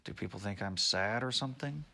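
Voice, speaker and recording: A man's voice: on the low side, a little fast, gravelly, bright, forceful tone, full character voice. A man voicing a bewildered male horse who talks bluntly in a spoken story. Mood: puzzled. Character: puzzled male horse with a long face.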